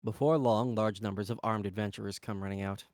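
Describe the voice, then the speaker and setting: Man doing a gruff demon warrior. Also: on the low side, fairly even intonation, fairly quick, a little mellow, no room sound, clean studio sound, pitched below the performer's own voice, natural voice. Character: gruff stoic male demon warrior, shunned.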